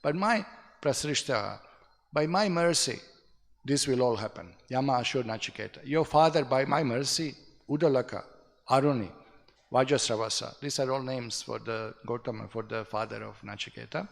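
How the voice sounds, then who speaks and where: A man's voice: mid-range voice, moderate pace, gravelly, long reverb tail. A man leading a casual scripture class, talking conversationally, tagging remarks with "no?" and chuckling at his own stories. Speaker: scripture teacher. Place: temple hall.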